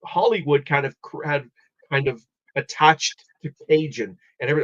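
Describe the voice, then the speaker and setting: A man's voice: fairly high pitch, normal speed, a bit bright. Man explaining at length, lo-fi sound. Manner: rambling, explanatory, many restarts. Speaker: live stream host. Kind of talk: casual chat. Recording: dull lo-fi audio.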